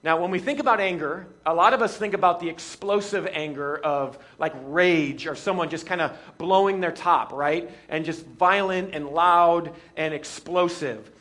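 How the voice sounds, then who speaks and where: High-voiced joking male preacher. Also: normal speed, few pauses. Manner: lively, joking, acts out scenes. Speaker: pastor. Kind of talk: sermon.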